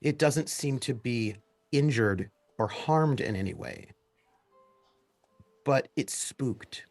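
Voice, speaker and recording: A man narrating and explaining rules as game master of a tabletop game, in a relaxed way with many pauses. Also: medium pitch, faint music behind.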